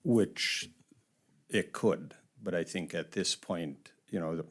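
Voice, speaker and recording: A man's voice: deep voice, takes it slowly, slightly rough. A man explaining a land request at a county meeting in a plain way, with fillers.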